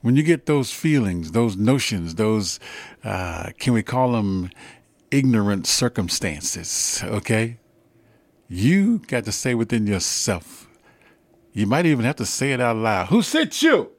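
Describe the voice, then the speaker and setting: A man hosting a gospel music radio show, talking in a slow, emphatic, preacherly way with sudden high rises. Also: animated, dry recording. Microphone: studio microphone.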